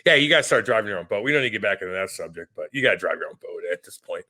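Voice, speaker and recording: A man in his thirties co-hosting a podcast, telling stories in a profane, animated, casual way. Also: on the low side, rapid-fire. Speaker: podcast co-host. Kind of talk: casual chat.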